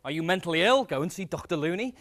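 A man presenting a comic science demonstration on stage to a live audience, energetic and self-mocking. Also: high-pitched, fast.

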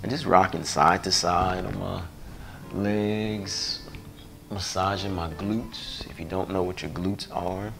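A male yoga instructor with a slow, deep, gravelly voice guides a yoga class, giving relaxed, playful cues punctuated by sighs and jokes. Music plays behind his voice.

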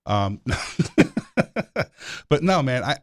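A man's voice: mid-range voice, big pitch swings, extremely slow, no room sound. A man hosting a talk show from a studio, chatting casually with loose, crude teasing. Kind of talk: casual joking chat. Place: radio studio.

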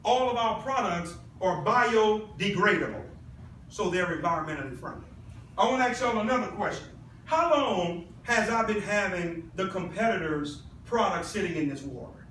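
A man's voice: high-pitched, expressive, normal speed, fairly bright tone, slight background noise. A man giving a live product demonstration to a room of people, persuasive and peppering the audience with questions. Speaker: product presenter. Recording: echoey room, mic at a distance.

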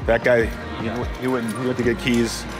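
Man, casual vlogger, rambling and chatty, handheld camera, mid pitch, lofi beats playing underneath. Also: level tone, normal speed. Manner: rambling, self-interrupting, chatty. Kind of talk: casual vlog chat. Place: outdoors, in a car, and in a store. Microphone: handheld action camera. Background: lofi music.

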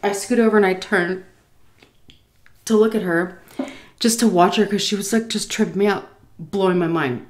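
A woman in her thirties from the United States, casually telling an animated story while eating, often laughing and acting out voices. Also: mid-range voice, a little slow, long pauses. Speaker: food vlogger telling a story.

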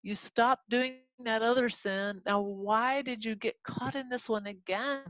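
Animated woman teaching a Bible class. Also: on the high side, measured pace, dry recording. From Texas. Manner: animated, acts out quoted voices, chatty asides. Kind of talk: casual Bible lesson to a class. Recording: dull lo-fi recording.

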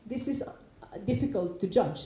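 A woman with a Nordic accent giving an informal lecture to a class, lively, acting out quoted players with sudden loud calls. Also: medium pitch, moderate pace, slight background noise. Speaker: lecturer on larp safety. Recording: echoey lecture room.

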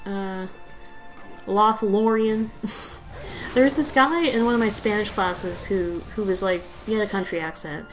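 A woman's voice: mid-range voice, normal speed, soft background music, rough recording. A young woman giving casual gameplay commentary, rambling with lots of fillers and giggles. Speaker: let's play host.

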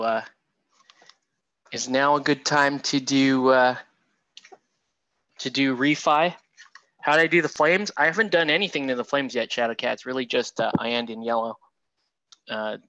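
A man's voice: medium pitch, steady tone, moderate pace, long pauses, pushed and bright, no room sound, lo-fi sound. A man who streams himself painting miniatures, chatting casually and rambling with self-mocking asides to his viewers. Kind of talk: casual livestream painting tutorial.

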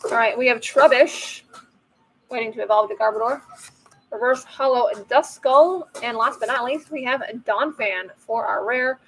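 A playful woman with a fairly high voice chats casually as she opens card packs. Her commentary is loose and joking. A faint hiss sits under her voice. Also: a little slow, fairly bright tone, rough recording. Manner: chatty and playful, jokes about the cards. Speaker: host of a card-opening channel.

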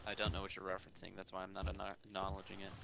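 A man chats over a game in a dry, offhand way. His voice sits a little low. Its tone is very bright and cutting. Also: completely flat delivery, racing, vocal fry, slight background noise. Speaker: gamer. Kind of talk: casual gaming chat.

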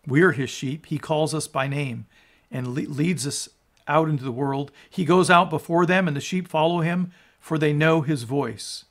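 A man preaching as a pastor, reading scripture aloud and explaining it in an earnest sermon, often restarting words and dropping low at the ends of phrases. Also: moderate pace, fairly bright tone. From United States. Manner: earnest, rises in emphasis on quotes, drops low at phrase ends.

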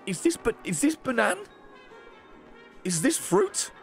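Guy doing sweary sarcastic game commentary, voice swoops all over, game music loud behind. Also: extremely high pitch, sing-song, slow. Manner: sweary, sarcastic, swings between mutters and shouts. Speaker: game streamer. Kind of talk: comedic gameplay commentary.

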